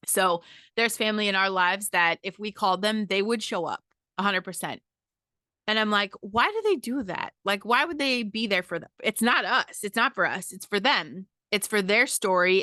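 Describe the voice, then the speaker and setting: A woman's voice: medium pitch, sharp tone, no echo, clean studio sound. Podcast host, woman, 30s, blunt and profane, vivid ringing tone. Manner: emphatic, profane, keeps asking "okay?". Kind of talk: casual monologue.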